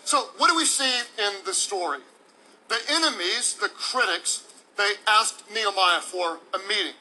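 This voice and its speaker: A man preaches a sermon in a voice pitched unusually high for a man. His tone is bright and forceful. He delivers it emphatically, with playful demonstrations for the congregation. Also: lively intonation, moderate pace, slight background noise, rough recording. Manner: emphatic, playful preacher who acts out examples. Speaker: pastor.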